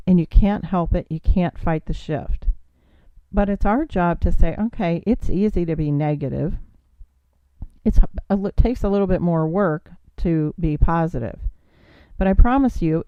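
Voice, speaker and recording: A woman with a fairly low voice gives a motivational podcast talk in an earnest, coaching way. She keeps asking the listener questions and urging them on. The recording is dry and a little dull. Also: clear, resonant tone, dry recording. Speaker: podcast host. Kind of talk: motivational monologue.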